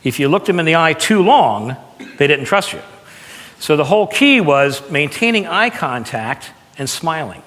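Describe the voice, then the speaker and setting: A man coaching an audience on presenting, talking in a lively, conversational way and stressing words to make his points. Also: fairly high pitch, normal speed, big-room sound. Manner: animated, conversational, demonstrates with emphasis. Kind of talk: live seminar talk.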